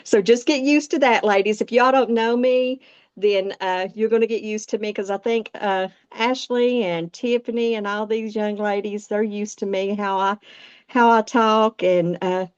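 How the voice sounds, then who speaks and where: A woman's voice: medium pitch, steady tone, normal speed, clean tone, dull audio. Chatty Appalachian woman in her sixties. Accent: Southern Appalachian American. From Southern Appalachia, US. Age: 60s. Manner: chatty, folksy, talks straight to viewers. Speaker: makeup vlogger. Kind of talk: casual makeup tutorial.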